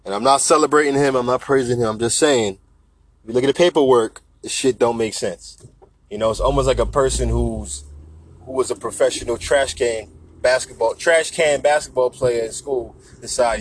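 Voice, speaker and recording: A man's voice: mid-range voice, steady tone, normal speed, slight background noise, poor audio. A man in a casual, profane, joking rant who keeps slipping into mock voices. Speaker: vlogger.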